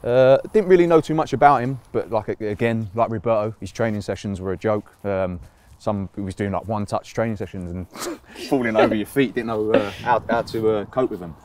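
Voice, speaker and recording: A man's voice: lowish voice, brisk, few pauses, a little mellow. A man, a footballer reminiscing in a casual interview, rambling with lots of fillers and laughs. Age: 30s.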